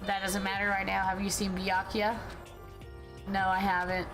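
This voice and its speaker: A woman streamer reads the dialogue of a visual novel aloud, voicing each character's lines in her own everyday voice. The game's music plays clearly behind her. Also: medium pitch, monotone, moderate pace, rough recording. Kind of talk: reading game dialogue aloud. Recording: game music playing behind.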